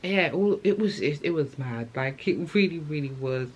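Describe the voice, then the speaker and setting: A woman's voice: sits low, animated, moderate pace, highs cut off. A young woman, talking candidly in her vlog about motherhood in a chatty, emotional way. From England. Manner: open, chatty, emotional storytelling with slang. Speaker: vlogger. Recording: faint background noise.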